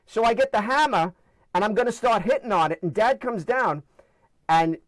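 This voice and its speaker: A man with a New York accent tells funny stories, acting out the voices as he goes. His voice sits high for a man. The sound is dry and close, with no room around it. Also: fairly quick, no echo. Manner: animated, acts out voices in anecdotes. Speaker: guest storyteller. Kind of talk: casual storytelling.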